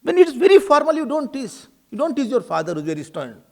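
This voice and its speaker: A man, a spiritual teacher who tells a sacred story in an animated way, laughing and acting out gestures. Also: very high-pitched, fast, gravelly. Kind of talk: sermon storytelling.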